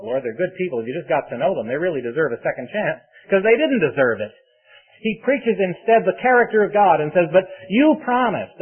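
A man's voice: on the high side, slightly rough. A man preaching a sermon in an earnest way, asking rhetorical questions and acting out dialogue. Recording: tinny phone-like radio broadcast.

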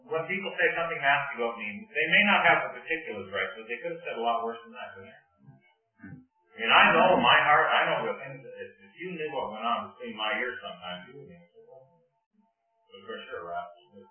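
A man's voice: medium pitch, lively intonation, brisk, soft background music. An older man preaching a sermon, telling anecdotes with self-deprecating humor. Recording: tinny phone-like sound, distant and roomy.

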